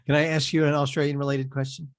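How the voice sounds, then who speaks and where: Male host on a video call, dry close sound, joking and chatty, fills pauses with "uh". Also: a little high, level tone, no room sound. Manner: joking, chatty, with frequent fillers. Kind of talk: casual online show interview. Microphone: video call mic.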